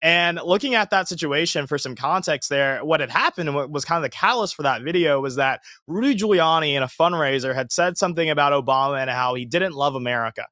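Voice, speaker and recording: A young man speaks as a podcast guest, earnest and animated as he tells his story. His voice is bright and a little high for a man. The sound is close and dry. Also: quick pace, few pauses, no room sound. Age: young adult. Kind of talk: casual interview answers.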